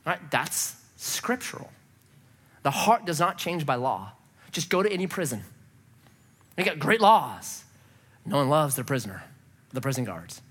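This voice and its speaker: A man preaching a sermon, acting out scenes as he tells a story. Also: a little high. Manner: animated storytelling, acts out scenes in voices. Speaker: pastor.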